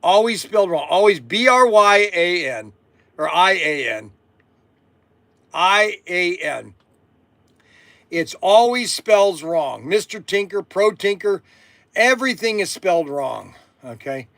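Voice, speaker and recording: A man in his sixties from Ohio, hosting a rambling live stream for his toy shop, excitable and repeating himself. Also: high-pitched, takes it slowly, pauses often, dry recording. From Ohio, USA. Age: 60s.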